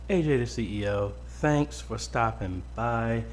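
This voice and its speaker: A man's voice: mid-range voice, measured pace, slight background noise. A man hosting a casual weekly live-stream Q&A from a home studio, greeting viewers by name with lots of ums. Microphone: boom-arm mic close up.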